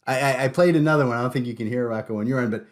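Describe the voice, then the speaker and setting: A man hosting a podcast in casual chat, joking and animated, often stumbling and repeating words. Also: mid-range voice, racing. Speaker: podcast host.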